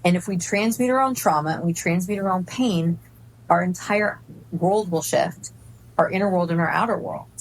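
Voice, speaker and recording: A woman in her forties chatting casually as a podcast guest, an effusive and animated storyteller. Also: on the low side, creaky, slight background noise, rough recording. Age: 40s. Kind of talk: casual spiritual chat.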